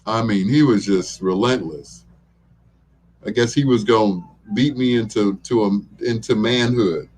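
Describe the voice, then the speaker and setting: A man's voice: on the low side, unhurried, a little mellow. A middle-aged man hosting a talk show, rambling in a laid-back way and chuckling often as he chats. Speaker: radio show host. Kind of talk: casual talk show chat.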